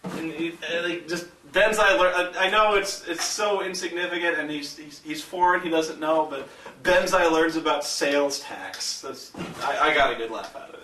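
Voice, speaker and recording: High-voiced man telling a story. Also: sharp tone, roomy sound, a little hiss or hum, rough recording. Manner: laughing, profane, halting restarts. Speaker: vlogger. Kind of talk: casual storytelling.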